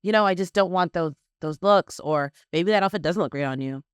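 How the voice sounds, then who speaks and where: A woman hosting a podcast in casual chat, talking with animated, emphatic energy and quick laughs. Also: lowish voice, smooth, no room sound, studio quality. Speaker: podcast host.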